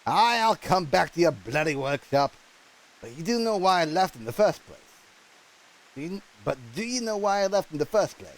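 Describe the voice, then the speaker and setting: A man voicing a gruff, hard-drinking male gunsmith instructor in a put-on rough British accent, reading game dialogue aloud and stumbling over words. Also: a little high, very animated, moderate pace, rough recording. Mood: grumbling. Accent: put-on rough British-style.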